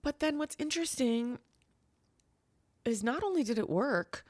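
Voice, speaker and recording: A woman talks through a painful family memory in an interview, bringing each remembered voice to life as she goes. Her voice sits a little high, and the sound is dry and close. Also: measured pace, no echo. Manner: animated, acts out quoted voices in storytelling. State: crying at times. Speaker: guest. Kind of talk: emotional personal interview.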